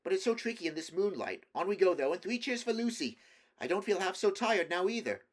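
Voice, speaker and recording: Bossy older brother king, loud and hearty, kinda raised up, a man doing it. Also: high-pitched, lively intonation, quick pace, voice pushed up. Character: brisk eldest boy, the High King.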